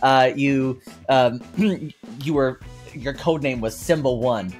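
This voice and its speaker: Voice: mid-range voice, takes it slowly, a little mellow, soft background music. A panel member in a casual chat, asking the others questions with enthusiasm and frequent restarts.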